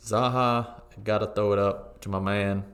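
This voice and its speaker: A man with a deep, gravelly voice chats casually about football results. He is opinionated but relaxed, often pausing on "uh" and "um" as he thinks. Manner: relaxed, opinionated, frequent fillers. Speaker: co-host of a football podcast. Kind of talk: casual sports chat.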